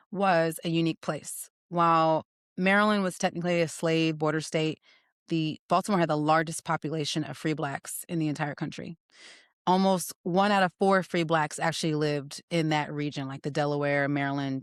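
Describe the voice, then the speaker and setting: Low-pitched woman hosting a podcast. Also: clear, resonant tone, no room sound, studio quality. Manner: playful, teasing, animated. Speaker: podcast host. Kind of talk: casual conversational storytelling.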